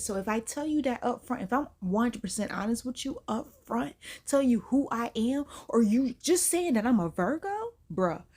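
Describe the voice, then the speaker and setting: A woman's voice: high-pitched, husky. A woman, giving sassy, emphatic commentary as she hosts a reaction video. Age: 30s. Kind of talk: casual animated commentary.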